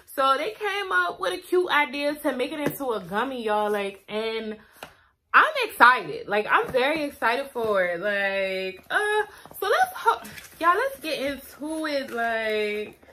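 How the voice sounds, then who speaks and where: A young woman beauty vlogger chatting excitedly to camera, calling her viewers y'all, girl and honey. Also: on the high side. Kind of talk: casual chat to camera.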